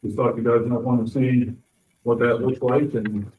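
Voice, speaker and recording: A man giving a brisk county report at a board meeting. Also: mid-range voice, steady tone, slight background noise. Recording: distant echoey phone-like sound.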